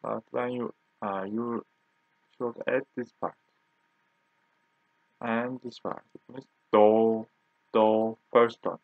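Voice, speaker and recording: Slow man teaching, tinny. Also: medium pitch, steady tone, vocal fry, dry recording. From Turkey. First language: Turkish. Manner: repeats each word slowly for drilling. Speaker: language teacher. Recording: dry, tinny phone-like recording.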